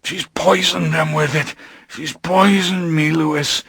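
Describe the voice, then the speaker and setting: A proud male vampire, poisoned and dying, as a male reader puts him on, forcing out hoarse, gasping pleas in a voice pitched well above the reader's own. He sounds strained and desperate. It is dry and close, with almost no room sound. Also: steady tone, slow, a bit bright, no echo, heavily acted.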